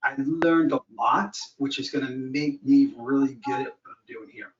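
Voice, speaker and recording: A man's voice: mid-range voice, steady tone, moderate pace. A man calling in to a coaching call, chatty and self-deprecating as he tells his story. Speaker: caller, new coaching client. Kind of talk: casual conversation. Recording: echoey, dull sound from a distant mic.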